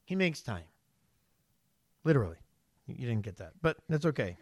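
A man's voice: mid-range voice, sing-song, moderate pace, darkish tone, no echo, clean studio sound. A man preaching a conversational sermon, reading scripture and asking the congregation questions. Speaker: pastor.

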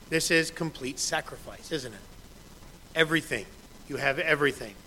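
A man's voice: medium pitch, moderate pace, pushed and bright, a little hiss or hum, poor audio. A man in his thirties, a pastor preaching a sermon in a conversational way, quoting scripture with emphasis.

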